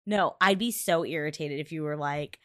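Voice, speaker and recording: A woman co-hosting a podcast in casual chat, blunt and swearing freely, breaking into loud laughs. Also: low voice, normal speed, no echo. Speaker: podcast co-host. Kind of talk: casual chat recapping a TV episode.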